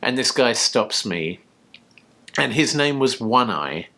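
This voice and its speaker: A man's voice: medium pitch, animated, takes it slowly, pushed and bright. A man from the UK co-hosting a tipsy casual chat, rambling through jokes and stories. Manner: rambling, storytelling, jokey. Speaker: co-host.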